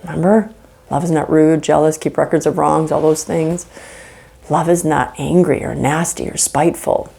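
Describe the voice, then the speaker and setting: A woman teaching about marriage from a faith angle, earnest and animated, often acting out example conversations. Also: deep voice, moderate pace, creaky. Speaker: marriage counselor. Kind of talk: faith-based relationship teaching.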